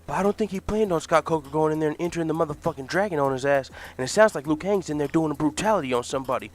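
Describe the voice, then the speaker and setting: A man improvising a comic fight story, animated, excitable and full of swearing. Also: a little high, very fast.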